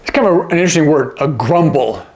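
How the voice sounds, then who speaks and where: A man's voice: fairly high pitch, animated, quick pace, a little mellow. A man teaching sign language in a casual, demonstrative way, often checking in with "okay?" as he explains. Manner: demonstrative, asks frequent check-in questions.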